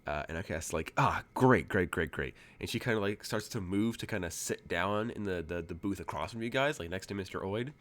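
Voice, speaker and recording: A man's voice: low voice, brisk, few pauses. A man narrating as game master in a tabletop game, casual and full of fillers.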